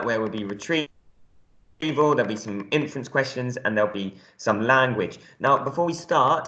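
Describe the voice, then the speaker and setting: A man's voice: medium pitch, sharp tone, roomy sound, a little hiss or hum. A male primary school teacher giving a recorded reading lesson, explaining words step by step in a friendly way with lots of ums.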